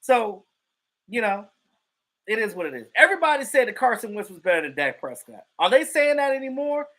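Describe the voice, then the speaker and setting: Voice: mid-range voice, sing-song, brisk, a bit bright. A live stream host giving casual sports commentary and greeting chat viewers. The host is emphatic and profane and repeats points for effect.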